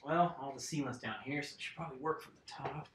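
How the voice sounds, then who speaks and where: A man's voice: medium pitch, quick pace, background noise. A man hosting a casual live stream, chatting and laughing with viewers while he works on a bike tire. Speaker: mountain bike video host. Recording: echoey room.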